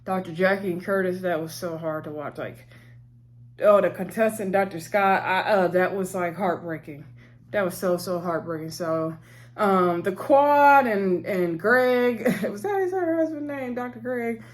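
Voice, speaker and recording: A woman's voice: medium pitch, measured pace. A woman, chatting casually as she recaps a TV episode, rambling and laughing often. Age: 30s. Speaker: TV show reviewer.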